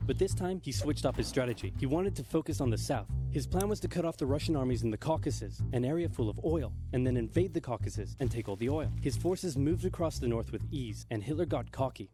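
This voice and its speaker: A man's voice: mid-range voice, expressive. A man giving scripted, wry comedic history narration from a played video. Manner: wry, jokey asides in a brisk narrative. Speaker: documentary narrator. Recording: played video with music behind. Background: music.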